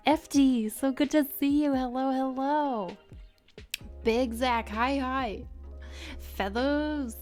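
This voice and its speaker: A woman's voice: sits high, fairly even intonation, slow, long pauses, a little mellow. A woman art streamer chatting casually on a livestream, bubbly and giggly as she greets her viewers. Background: faint background music.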